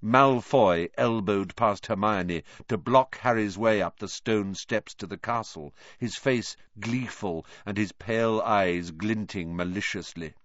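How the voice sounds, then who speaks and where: A man narrating a storybook reading in an expressive, animated way. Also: lowish voice, unhurried, few pauses, no room sound. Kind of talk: audiobook reading. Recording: dry, dull lo-fi.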